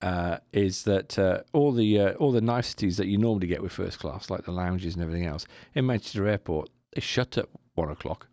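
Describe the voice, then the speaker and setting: A man tells a rambling story to a co-host, acting out other people's voices along the way. His voice sits low and has a gravelly fry. The sound is dry and close. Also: a little fast, hardly any pauses, dry recording. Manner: animated anecdote with mimicked voices and laughs. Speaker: podcast co-host. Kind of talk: casual storytelling chat.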